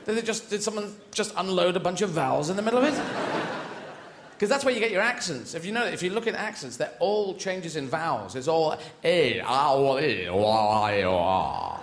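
Male stand-up, excitable and rambling, fairly high and animated; echoey live room with noise. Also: a little fast. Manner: rambling, excitable, swears freely, jumps into voices. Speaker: stand-up comedian. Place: live comedy venue.

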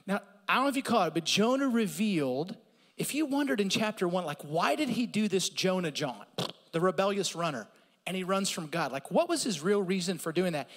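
A man preaching a sermon as pastor, animated and conversational, with asides to the congregation. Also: sits high, fairly quick, long reverb tail. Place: church.

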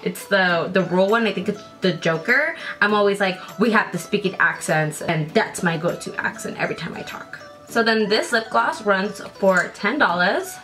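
A woman's voice: mid-range voice, lively intonation, normal speed, hardly any pauses, fairly bright tone, faint music behind. A young woman vlogging a casual makeup unboxing, chatty and loose, thinking aloud and swearing now and then. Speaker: beauty vlogger.

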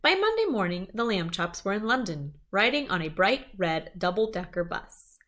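At a mid-range pitch and normal speed, a woman reads a children's chapter book aloud. Her storytelling is lively, and she slips in small asides to her listeners.

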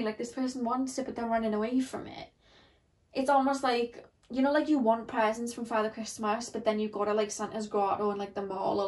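A young woman chats her way through a tarot reading, her voice sitting a little high. She rambles loosely, filling her sentences with "like" and "um" as she explains the cards. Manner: chatty, rambling, frequent "like" and "um". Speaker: tarot reader.

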